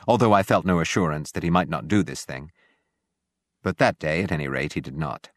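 A man narrating an audiobook in a measured, grave way. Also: deep voice, a bit bright, no echo, studio quality.

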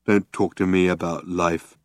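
A man reading the part of a gloomy, depressed male robot in a weary droning monotone, in an audiobook. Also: low voice, a little slow, no echo, clean studio sound. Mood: self-pitying.

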